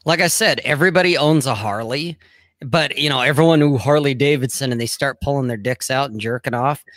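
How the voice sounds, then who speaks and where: A middle-aged man talks bluntly in casual chat, rambling and swearing freely. His voice sits at an average pitch. The sound is dry and close, with no room echo. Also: brisk, fairly bright tone. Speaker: co-host.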